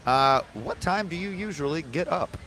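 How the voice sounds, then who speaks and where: A man's voice: fairly high pitch, lively intonation, moderate pace, bright, forceful tone. A man hosting a casual podcast chat, rambling through questions and jokes. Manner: rambling, tells jokes with put-on voices. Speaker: podcast host asking questions.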